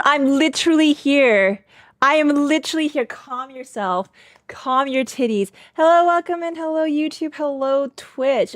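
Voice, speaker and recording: A chatty woman streamer talks casually into a desk mic, rambling and greeting her viewers one by one. Her voice sits at an ordinary middle pitch. The sound is dry and close, with no room echo. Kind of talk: casual live-stream chat.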